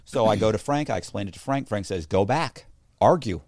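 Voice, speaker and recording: A man's voice: lowish voice, quick pace, dry recording, clean studio sound. A man recounting a long personal story in an interview, with frequent restarts and self-corrections. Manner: animated anecdote-telling, mimics others in dialogue. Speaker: interview guest. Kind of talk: casual storytelling.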